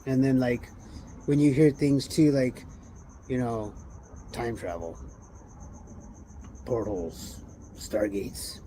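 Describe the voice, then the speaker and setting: Tired man musing aloud, mellow voice. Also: medium pitch, fairly even intonation, slow, long pauses, slight background noise. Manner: loose, musing, wandering talk with rhetorical questions. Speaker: livestream host. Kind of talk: rambling casual livestream chat.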